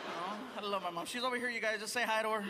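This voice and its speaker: A male stand-up comedian performing on a large theater stage, chatty and animated as he acts out voices. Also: high-pitched, fast, big-room sound. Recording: live theater with crowd noise.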